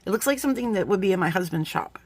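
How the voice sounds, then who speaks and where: A middle-aged woman vlogger chatting casually while unboxing craft supplies, effusive and quick to laugh, often trailing off mid-sentence. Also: medium pitch, expressive, husky.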